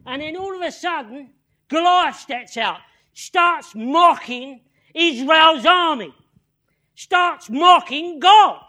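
Male preacher, very high pitched, sharp tone; storytelling sermon delivery with repeated lines and call-outs to the room. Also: lively intonation, takes it slowly. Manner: repeats phrases, calls "listen" and "yeah?" to the crowd.

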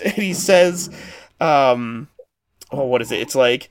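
A man co-hosting a podcast in casual chat, rambling and animated as he retells movie scenes. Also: medium pitch, moderate pace. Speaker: podcast co-host.

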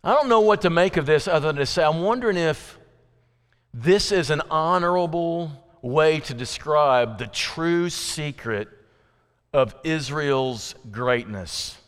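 With an animated, clear, resonant voice that's a bit bright, a man preaches a little slowly at an evening service in a church sanctuary. He chats with his listeners, asks them questions, and acts out quoted voices using sudden pitch jumps. Long hall reverb fills the recording.

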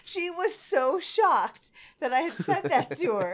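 Young woman, lively storyteller, slightly high pitch, loud bursts. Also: normal speed. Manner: animated, laughs often, loud when acting out quotes. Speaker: bartender guest. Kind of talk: casual podcast storytelling.

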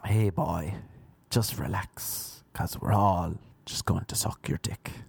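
A creepy, unhurried old man who looks like Santa speaks in a low, hushed American drawl, as an Irish comedian puts him on. His voice is gravelly and dry. Each word is calm and unbothered. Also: no room sound, full character voice. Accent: put-on American.

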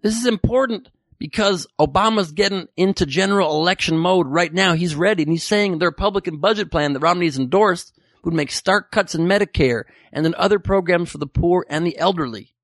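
A man's voice: sits high, brisk, few pauses, a bit bright, no echo, studio quality. A man hosting a podcast, riffing sarcastically and profanely on news headlines. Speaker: podcast host. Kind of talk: comedic news commentary.

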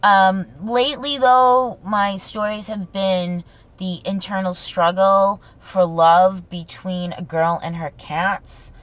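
Speaking slowly at a medium pitch with fairly even intonation, this podcast host has a gravelly voice and a strong Boston accent. She's a brash, swearing storyteller doing a casual solo show.

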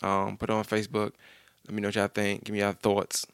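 A man's voice: fairly low pitch, monotone, fairly quick, smooth, no room sound, studio quality. A man hosting a podcast in a laid-back, loose way, laughing easily. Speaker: podcast host. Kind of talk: casual podcast chat.

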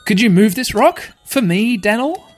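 A man voicing an eager female video game companion with a bright, pleading delivery. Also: on the high side, lively intonation, normal speed, soft background music, pitched above the performer's own voice.

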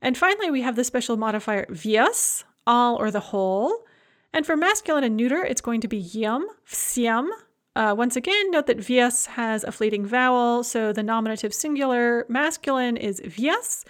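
A woman teaching a language lesson, walking through grammar charts in a clear, methodical way and reading out example words one by one. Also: a little high, lively intonation, normal speed. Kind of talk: explaining grammar over slides.

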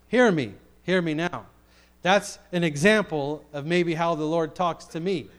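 Preaching in a lively, conversational style, this middle-aged man has a fairly high voice. He alternates booming declarations with hushed side remarks.

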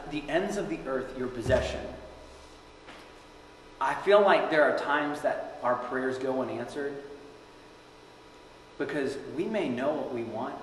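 Young man, preacher, earnest sermon, loud cries when quoting, heavy echo, long hall reverb. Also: medium pitch, a little hiss or hum.

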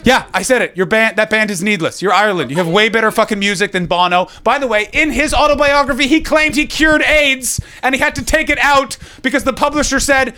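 High-voiced profane comedian. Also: male voice, brisk, few pauses. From North America. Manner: profane, animated riffing with the crowd. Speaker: stand-up comedian. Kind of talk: stand-up crowd work. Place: comedy club stage.

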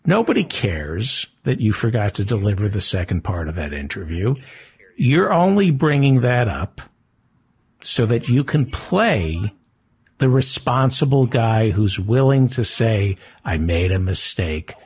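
Give me a man with a deeply husky, raspy voice and a lively swing in pitch, playfully accusing his co-host. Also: a little slow. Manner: mock-accusing, needling. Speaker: podcast host. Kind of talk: comedic bickering banter.

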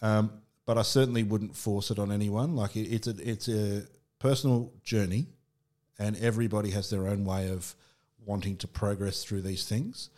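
A middle-aged man with an Australian accent speaks in a somewhat low voice. He talks candidly in a relaxed podcast chat and often restarts his sentences. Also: moderate pace. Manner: candid storytelling with frequent restarts and fillers. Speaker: podcast guest. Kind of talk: casual conversation.

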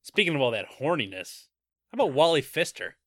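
A man co-hosting a casual movie podcast, chatty and quick to laugh while sharing film trivia. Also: on the high side, big pitch swings, no room sound, clean studio sound. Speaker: podcast co-host.

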